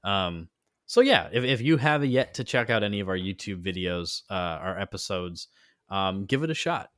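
A man's voice: low-pitched, animated, moderate pace, fairly bright tone, no room sound, studio quality. A man co-hosting a casual podcast chat, rambling with many fillers and restarts. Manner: rambling, filler-heavy, self-correcting. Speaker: podcast co-host.

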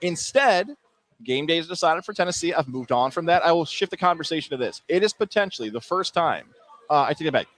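A man co-hosting a podcast in casual sports chat, enthusiastic and full of shout-outs and game stats. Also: on the high side, expressive, brisk. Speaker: podcast co-host.

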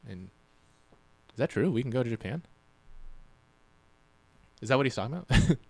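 Easygoing young male co-host, relaxed chat, dry close mic. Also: medium pitch, normal speed, no room sound. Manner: easygoing, chuckles a lot. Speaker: podcast co-host. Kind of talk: casual podcast chat.

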